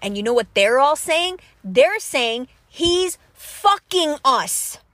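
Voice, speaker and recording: A woman's voice: high voice, animated, takes it slowly, fairly bright tone, dry recording. A woman delivering a blunt, heavily profane and confrontational political rant at her audience.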